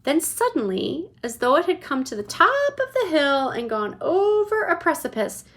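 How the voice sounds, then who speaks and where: A woman reading a children's chapter book aloud to her child, lively and expressive. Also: high-pitched, moderate pace, few pauses. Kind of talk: bedtime read-aloud.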